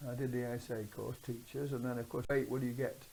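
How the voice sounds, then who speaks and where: A woman's voice: extremely low pitch, fairly even intonation, quick pace, creaky, dark tone, a little hiss or hum, low-quality recording. An older woman telling rambling stories in an oral history interview. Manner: rambling anecdotal storytelling. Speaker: interviewee, former swimming teacher.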